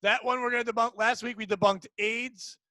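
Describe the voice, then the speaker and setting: A man's voice: extremely high pitch, steady tone, a little fast, crowd noise, poor audio. A man hosting a comedy podcast, riffing in crude, rambling, mock-outraged bits. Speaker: podcast host. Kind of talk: casual comedy podcast banter.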